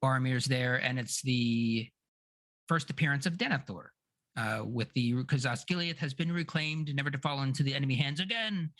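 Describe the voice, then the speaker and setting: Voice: medium pitch, moderate pace, a bit bright, no echo. A podcast co-host recapping in easygoing casual chat.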